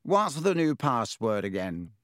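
A snide, arrogant teenage boy who drawls his words and sneers at everyone, as a man puts him on. Slow and lazy in delivery, recorded close and dry. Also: medium pitch, big pitch swings, dry recording. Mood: sneering.

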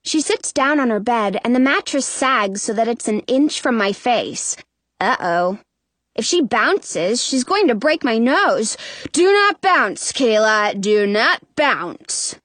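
A woman narrating a children's story in first person with an expressive, anxious tone. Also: on the high side, measured pace, no room sound. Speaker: audiobook narrator.

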